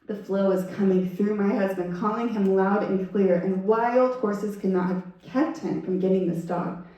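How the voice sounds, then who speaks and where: A woman giving a storytelling talk at a Sunday service, animated and laughing as she acts out what people said. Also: mid-range voice, normal speed. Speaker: guest speaker. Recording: echoey hall, voice from far off.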